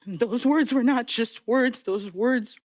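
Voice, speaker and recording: A woman in her thirties, a city commissioner, speaking emotionally with halting pauses and fillers at a desk microphone. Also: on the high side, dry recording. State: emotional, near tears. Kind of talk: emotional public statement. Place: council chamber. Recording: dull lo-fi meeting audio.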